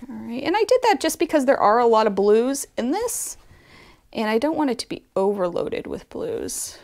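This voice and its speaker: Chatty woman with a gravelly voice. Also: a little high, very animated, moderate pace, a little mellow. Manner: chatty and self-deprecating, thinks aloud. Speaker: quilting channel host. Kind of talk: casual sewing tutorial.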